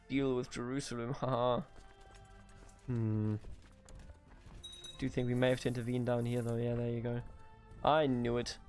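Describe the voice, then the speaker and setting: A man from Germany hosting a let's play, muttering to himself in exasperation, swearing and mocking his own mistakes. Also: mid-range voice. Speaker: gaming video host.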